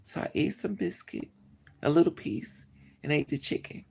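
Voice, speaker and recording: A vlogger telling a story in a casual chat, animated and gossipy, acting out both sides of the conversation. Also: medium pitch, moderate pace, gravelly, slightly rough.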